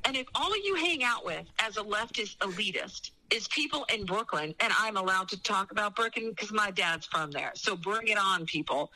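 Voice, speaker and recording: A woman's voice: mid-range voice, lively intonation, bright, forceful tone, low-quality recording. A middle-aged woman from New York and Miami, co-hosting a talk radio show and arguing her points emphatically in long run-on stretches. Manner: emphatic, rapid, speaks in run-on arguments. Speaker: radio co-host. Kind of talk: opinionated talk radio chat.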